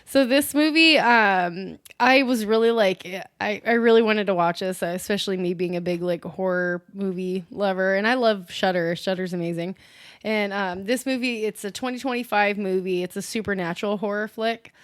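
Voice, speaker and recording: A young woman co-hosting a casual movie review, chatty and relaxed, with plenty of ums between thoughts. Her voice sits in a middle range. The sound is dry and close. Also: medium pitch, moderate pace, smooth, dry recording. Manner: chatty, with many filler ums. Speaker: co-host.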